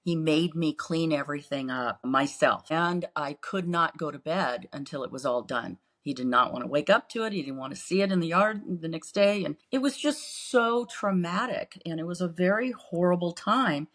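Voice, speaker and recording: With a low voice at normal speed and few pauses, a woman co-hosting a podcast earnestly relives painful memories through casual storytelling, acting out the quotes as she goes.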